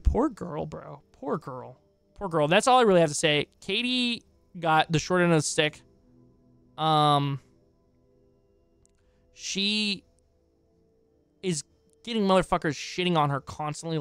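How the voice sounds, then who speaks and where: A man hosting a live reaction stream, cursing and firing back at what he reads on screen. His voice is worn hoarse from hours of talking. The sound is dry and close, with no room echo. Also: fairly high pitch, moderate pace, fairly bright tone, soft background music. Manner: profane, exclaiming, talks back at what he reads. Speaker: streamer reacting to online drama.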